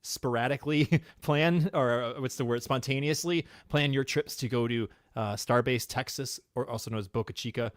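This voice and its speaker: A man co-hosting a casual livestream podcast, talking in a relaxed, rambling way full of fillers and eager about rocket launches. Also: mid-range voice, normal speed, few pauses, dry recording, clean studio sound. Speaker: podcast co-host.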